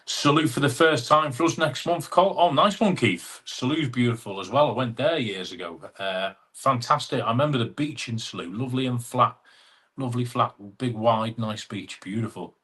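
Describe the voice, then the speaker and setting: A man's voice: medium pitch, moderate pace, a bit bright. A man with an English accent hosting a casual live stream, chatting in a matey way and reading out viewer comments.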